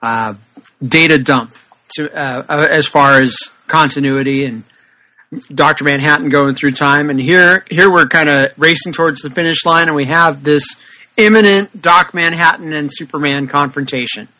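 A man co-hosts a casual podcast about comics, easygoing and wry. His voice sits a little high, with a bright, forward tone. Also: normal speed, poor audio. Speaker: podcast co-host.

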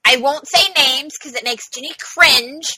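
A woman's voice: high-pitched, measured pace, bright, forceful tone, poor audio. A woman in her thirties co-hosting a podcast, chatting casually with lots of "like" and "um". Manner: chatty, many "like" and "um" fillers. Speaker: podcast co-host. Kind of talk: casual chat.

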